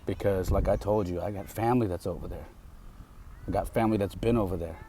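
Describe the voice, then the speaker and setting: This American man runs his podcast solo, talking fast in a low, mellow voice with fervent, outspoken conviction. A little hiss or hum sits under the recording.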